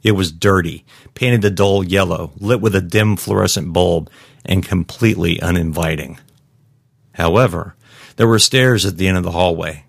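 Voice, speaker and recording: A man giving scripted narration of a story in a steady, measured way. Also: sits low, creaky, husky, dry recording, clean studio sound. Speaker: audiobook narrator.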